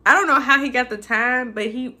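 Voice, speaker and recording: A woman's voice: sits high, fairly quick, pushed and bright. A woman recapping a film in a casual rant, emotional and chatty, laughing between many fillers. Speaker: movie reviewer.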